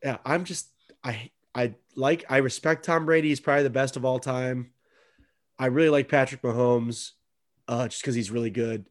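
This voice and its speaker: A man in casual podcast banter, mid-pitched and easygoing. He jokes sarcastically and swears freely while he talks sports with a friend. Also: fairly even intonation, normal speed. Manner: profane, sarcastic joking. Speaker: podcast co-host.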